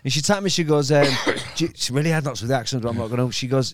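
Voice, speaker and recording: Fast-talking rambling man. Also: medium pitch. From Hull, England. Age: 50s. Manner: rambling, stop-start storytelling with many repeats and swearing. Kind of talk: casual chat, anecdote telling.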